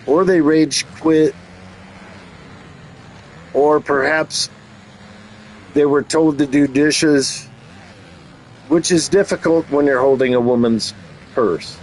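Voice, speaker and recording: A man's voice: on the high side, fairly even intonation, slow pace, long pauses, darkish tone, slight background noise, poor audio. A man giving playful play-by-play commentary on a race, mixing calls with teasing jokes. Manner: jokey, teasing asides between race calls. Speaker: race commentator and channel host.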